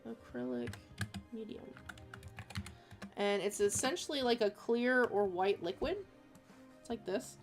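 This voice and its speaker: A woman talking casually on a drawing stream, chatty and rambling with plenty of fillers. Her voice sits at an ordinary pitch for a woman. Soft music plays quietly behind her. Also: normal speed. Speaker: streaming artist. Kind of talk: casual chat while drawing.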